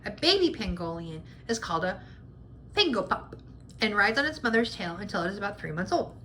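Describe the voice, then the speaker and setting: A woman reading a children's picture book aloud in a clear, cheerful way, sharing animal facts. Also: medium pitch, very animated, brisk, fairly bright tone, a little hiss or hum.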